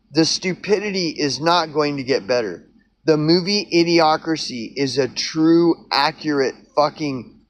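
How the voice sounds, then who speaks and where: A man's voice: high-pitched, a bit bright, a little hiss or hum, rough recording. A man ranting angrily into the camera, swearing often and repeating himself as he works himself up. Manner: profane, heated, repetitive. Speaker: vlogger. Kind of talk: angry rant to camera.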